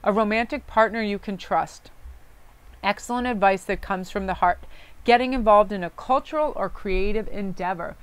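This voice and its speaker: A woman gives a casual tarot reading to her viewers, chatty and effusive. Her voice is smooth and clear at an ordinary middle pitch. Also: normal speed, no room sound. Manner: effusive, chatty, reads card texts aloud. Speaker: tarot card reader. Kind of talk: casual spiritual card reading.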